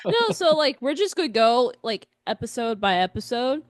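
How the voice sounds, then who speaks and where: A woman with a somewhat high voice co-hosts a casual fan podcast. She talks loosely and easily, filling gaps with "like" and "yeah". The sound is dry and close. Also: sing-song, moderate pace, dry recording. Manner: loose, laughing, lots of "like" and "yeah". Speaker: podcast co-host.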